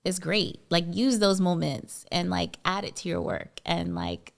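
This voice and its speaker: A woman co-hosting a casual podcast, speaking in a relaxed, reflective way. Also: lowish voice, unhurried, vocal fry. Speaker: podcast co-host.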